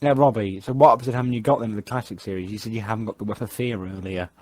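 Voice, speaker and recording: A man chatting casually on a podcast, animated and quick to break into impressions. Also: on the low side, dry recording. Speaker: podcast co-host. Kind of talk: casual chat.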